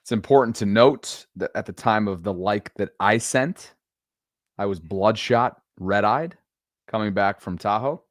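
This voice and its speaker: A middle-aged man co-hosting a podcast, chatting casually with a playful, drawn-out joking delivery. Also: on the low side, dry recording, clean studio sound. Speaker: podcast co-host. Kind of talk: casual chat.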